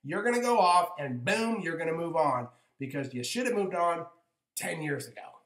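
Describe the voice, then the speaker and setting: A man voicing blunt, brisk spirit guides. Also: fairly high pitch, animated, fairly bright tone. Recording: echoey room.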